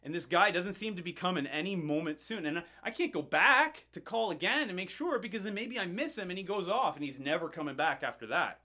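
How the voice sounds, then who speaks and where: A middle-aged male pastor telling a story in a sermon, animated and building tension, often repeating words as he goes. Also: high voice, fairly quick, few pauses.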